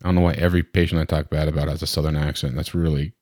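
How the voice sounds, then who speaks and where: A male medical practitioner chats casually on a podcast, animated and quick to joke. His voice sits very low. The sound is dry and close, with no room echo. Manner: animated, joking, acts out patients.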